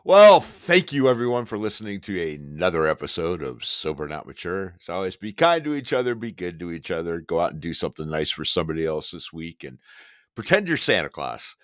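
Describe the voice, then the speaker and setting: Low lively guy closing out his podcast, dry sound. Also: a little fast, dry recording. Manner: brief backchannel replies, playful profane sign-off. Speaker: podcast co-host. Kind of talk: casual chat, show sign-off.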